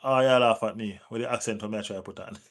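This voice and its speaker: A man's voice: fairly low pitch, brisk. Jamaican man hosting a chatty livestream. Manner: reads out and answers viewer chat, teases, urges likes; relaxed patois-tinged phrasing. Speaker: football livestream host. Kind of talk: casual live chat.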